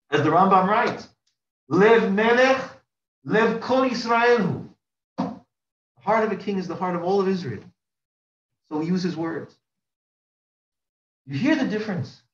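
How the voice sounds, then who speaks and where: A man's voice: sits high, fairly bright tone. A man, a rabbi, teaching a religious class in a rhetorical way, stacking repeated phrases and rising sharply for emphasis. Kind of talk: religious lecture. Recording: roomy, distant mic, dull sound.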